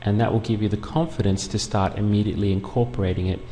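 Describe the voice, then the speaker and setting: A man with a lowish, gravelly voice teaches a beginners' language lesson, going patiently through each step. His voice rings with a long reverb, and a faint hiss sits underneath. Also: steady tone, fast, mellow. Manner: patient, clear step-by-step explaining. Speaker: Spanish teacher. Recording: long room reverb, faint background noise.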